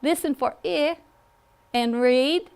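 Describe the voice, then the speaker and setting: Her voice sits high, with a creaky, darkish tone, and there's a little hiss or hum in the background. The Southern American woman is teaching phonics to a class, patient and slow, regularly asking "okay?"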